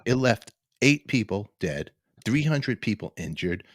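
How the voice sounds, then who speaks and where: A man in his fifties hosting a casual live-stream chat show, joking and rambling with excitable energy. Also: lowish voice, measured pace, no echo, clean studio sound. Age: 50s. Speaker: talk show host.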